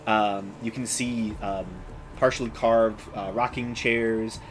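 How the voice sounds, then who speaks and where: Man, game master, halting narration, filler words, faint ambience. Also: on the low side, fairly even intonation, slight background noise, low-quality recording. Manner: halting, many ums and uhs.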